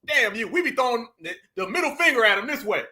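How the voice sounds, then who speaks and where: A man's voice: extremely high pitch, expressive, fast, bright, forceful tone, breathy edge. A man, hosting casual reaction commentary, emphatic and profane, calling his viewers fam. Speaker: commentary channel host.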